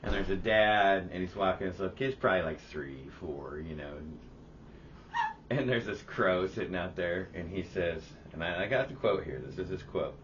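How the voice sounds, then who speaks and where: A man's voice: low voice, moderate pace, muffled recording, a little hiss or hum. A man co-hosting a podcast, telling stories in casual chat, swearing and acting out what people said. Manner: animated, swearing, acts out quotes. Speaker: podcast co-host.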